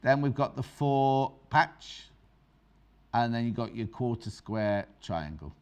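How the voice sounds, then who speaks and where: A woman's voice: extremely low pitch, expressive, takes it slowly, darkish tone, smooth. A middle-aged woman presenting a live TV sewing demonstration as a quilting expert, chatty and bantering with crew and viewers.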